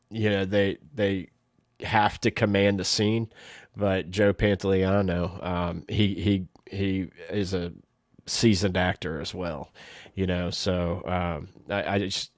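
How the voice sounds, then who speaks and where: Man, low voice, dry close sound, casual movie talk, acts out lines. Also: no room sound. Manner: retells scenes, acting out characters' lines. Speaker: podcast co-host. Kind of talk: casual movie review chat.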